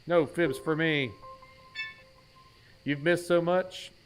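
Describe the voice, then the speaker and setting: A man's voice: on the high side, fairly even intonation, takes it slowly, faint music behind. A man streaming a horror game in a casual, jokey way, calling out items as he plays and teasing himself. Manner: jokey, self-mocking, names items aloud while playing. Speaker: gaming streamer. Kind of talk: casual let's-play commentary.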